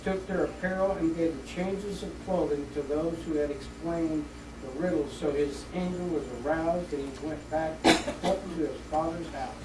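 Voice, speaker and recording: A man's voice: fairly high pitch, moderate pace. Man reading scripture aloud in class. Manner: plain, steady reading aloud. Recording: echoey room, distant mic, background noise.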